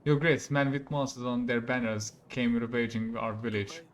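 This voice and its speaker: A man's voice: mid-range voice, little pitch movement, moderate pace, slight background noise, lightly acted. A man reading a desperate villager pleading. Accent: Hungarian.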